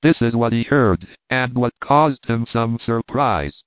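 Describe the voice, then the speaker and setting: A man reading a classic adventure novel aloud in a measured, even storytelling manner. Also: medium pitch, dry recording. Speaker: audiobook reader. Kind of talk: scripted narration. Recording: tinny phone-like dry sound.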